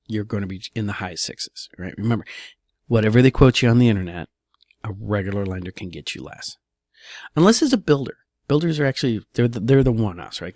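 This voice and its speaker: Chatty low-voiced man with a dry close sound. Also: darkish tone, no echo. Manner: chatty, loose, peppered with "all right". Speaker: real estate broker and podcast host. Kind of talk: casual solo commentary.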